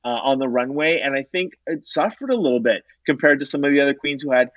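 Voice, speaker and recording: A man as a guest in a casual podcast chat, opinionated and playful with quick asides. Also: mid-range voice, fairly bright tone, dry recording, highs cut off.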